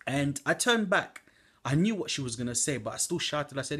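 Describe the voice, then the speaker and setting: A man's voice: on the high side, lively intonation, a little fast, fairly bright tone, husky. A young man giving an earnest preaching testimony from home at night, exhorting listeners with fillers. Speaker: church member giving a testimony.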